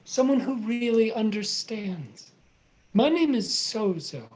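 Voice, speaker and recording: A woman's voice: a little high, lively intonation, takes it slowly, darkish tone, breathy edge, exaggerated voice. A woman reading the role of a lovesick young American man, earnest and prone to dramatic outbursts, over a video call. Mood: sassy.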